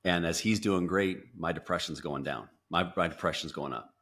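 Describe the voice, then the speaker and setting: A man with a very deep voice tells his story as a podcast guest. He talks in bursts full of restarts and acts out his own past quotes. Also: normal speed, fairly bright tone. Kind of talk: storytelling interview.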